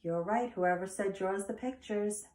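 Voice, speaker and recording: A woman's voice: medium pitch, unhurried, a little mellow, echoey room. A woman teacher leading an online lesson for young children, in a sing-song voice that acts out animal sounds. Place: home.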